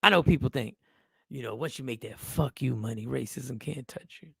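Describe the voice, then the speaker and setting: A middle-aged man hosting a show, riffing casually and jokingly, swearing freely and reading comments out loud. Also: mid-range voice, normal speed, vocal fry, slightly rough, no echo, clean studio sound. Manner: animated, joking, swearing, reads chat comments aloud. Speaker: host.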